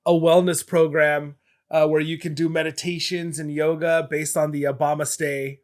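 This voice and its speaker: Relaxed man chatting on a panel. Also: on the high side, normal speed. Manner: relaxed, hesitant with ums. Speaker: podcast panelist. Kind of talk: casual chat.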